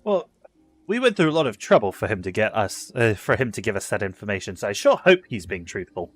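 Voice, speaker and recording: A man's voice: lowish voice, sing-song, soft background music. A man playing in a tabletop game session, chatting casually and laughing often with his table. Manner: unhurried, laughs often, drops into character asides. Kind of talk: casual actual-play chat.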